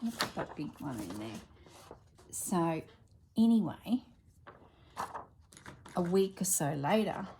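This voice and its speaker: Gravelly woman chatting while crafting. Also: fairly low pitch, very animated, slow, pauses often, noisy background. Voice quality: chatty storyteller. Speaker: craft vlogger. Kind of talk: casual chat while crafting.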